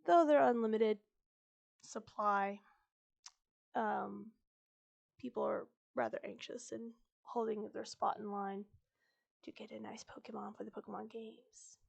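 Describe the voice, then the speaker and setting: A woman streamer chatting casually before reading a book aloud, her voice slightly croaky, talking in a chatty, rambling, upbeat way. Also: a little high, fairly even intonation, unhurried, long pauses. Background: fantasy music playing faintly.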